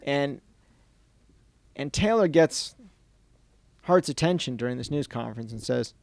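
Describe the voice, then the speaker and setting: Man telling a story with gravelly voice. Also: medium pitch, unhurried, no room sound. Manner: animated storyteller, quotes others in a hushed voice. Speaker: author giving a book talk. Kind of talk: storytelling book talk. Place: bookstore event room before an audience.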